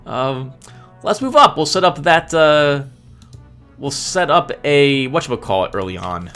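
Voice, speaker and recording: A man's voice: a little high, animated, unhurried, fairly bright tone, soft background music. A man giving chatty gameplay commentary as host, laughing often and sounding sheepishly apologetic. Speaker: let's play host.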